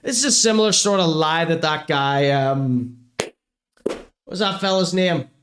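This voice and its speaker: Mocking man, fairly high voice. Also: measured pace, a bit bright, a little hiss or hum. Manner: mocking, sarcastic, swearing. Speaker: podcast host. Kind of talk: comedic commentary on clips.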